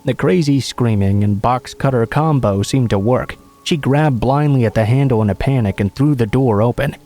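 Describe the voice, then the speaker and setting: A man reading a true scary story aloud in measured, dramatic narration. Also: medium pitch, warm tone.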